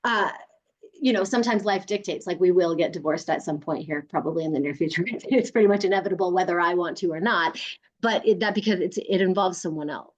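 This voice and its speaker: A woman's voice: on the low side, a little fast, dull audio. Woman coaching a group through an exercise. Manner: warm, coaching, laughs often. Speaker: workshop leader. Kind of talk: guided exercise talk.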